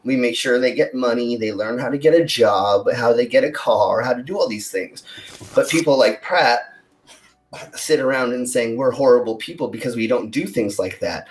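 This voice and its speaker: A man's voice: mid-range voice, moderate pace. Male co-host, casual chat, rambling delivery full of fillers. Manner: rambling, many fillers and restarts. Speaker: podcast co-host. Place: Denver, United States.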